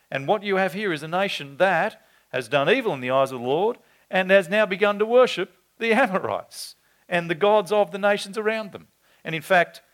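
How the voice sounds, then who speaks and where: A man delivering an expository sermon in a fairly high voice. He leaps up in pitch and volume when he acts out quoted lines. Between the quotes his explanation is plainer and lower. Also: a bit bright. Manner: expository, with dramatic quoted readings of scripture. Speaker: preacher.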